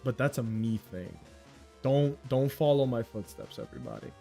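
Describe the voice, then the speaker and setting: A young man from New York ranting casually on a livestream in a slangy, animated way. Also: mid-range voice, normal speed, creaky, faint music behind. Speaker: streamer.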